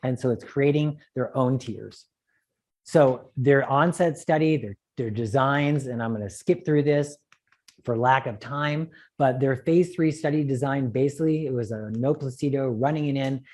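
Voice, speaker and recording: A man lecturing on eye treatments at a conference, animated and joking, with quick asides. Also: medium pitch. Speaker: optometrist lecturer.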